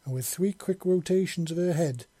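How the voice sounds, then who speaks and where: A man narrating a romance story as an audiobook, steady, with small self-corrections. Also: on the high side, moderate pace, breathy edge, no echo.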